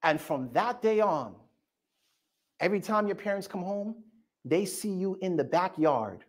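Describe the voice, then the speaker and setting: Man, pastor, sermon, lively pitch swings, storytelling, calls out to congregation. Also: a little slow. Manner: animated storytelling with call-and-response to the congregation.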